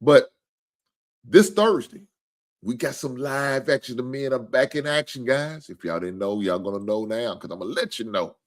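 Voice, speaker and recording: Man, sports talk host, casual streaming chat, lively swooping pitch, profane, rambling. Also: normal speed. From Kentucky. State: tired.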